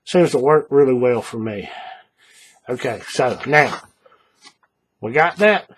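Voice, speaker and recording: A man calmly talking through a paracord bracelet tutorial step by step, patient and repetitive, often checking in with the viewer. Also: mid-range voice, slow pace, slight background noise. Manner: patient, repeats steps, checks in with "all right?". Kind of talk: hands-on craft tutorial.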